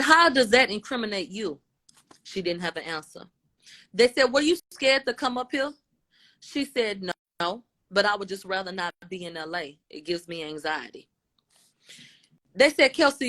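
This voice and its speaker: Woman commentator, informal chatty recap, voices both sides of the exchange, mid-pitched. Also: a bit bright. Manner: retells testimony, voicing both sides; informal, blunt, with slang. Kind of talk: casual trial recap.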